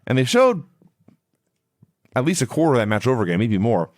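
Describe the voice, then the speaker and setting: A man's voice: medium pitch, wildly swooping pitch, brisk, long pauses, no room sound, studio quality. A man co-hosting a casual podcast, recapping old matches and promos play by play in a chatty way. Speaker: podcast co-host.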